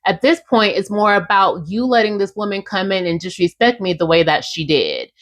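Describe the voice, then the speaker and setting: A woman's voice: mid-range voice, big pitch swings, moderate pace. A young adult woman hosting a casual podcast, recapping a reality show in a chatty, sassy way and speaking straight to her listeners. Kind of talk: casual recap, acting out quotes.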